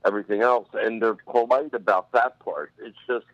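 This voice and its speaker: A man's voice: fairly low pitch, fairly even intonation, normal speed, a bit bright, no echo. A man from Northeast Pennsylvania, a firefighter and EMT, calling in to a show and telling stories in a loose, rambling way. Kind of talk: phone-in storytelling. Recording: dull dry phone line.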